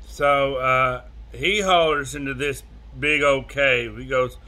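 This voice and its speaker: A man telling a joke in a slow, drawn-out way, pausing often with "uh". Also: mid-range voice, fairly even intonation, sharp tone. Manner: slow, drawn-out delivery full of "uh" pauses. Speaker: joke teller.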